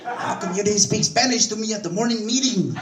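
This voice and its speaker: A man's voice: brisk, echoey room, recorded from a distance, a faint crowd, natural voice. A man voicing a blunt, streetwise young male coworker who talks in slang. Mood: eager. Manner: slangy, high and eager.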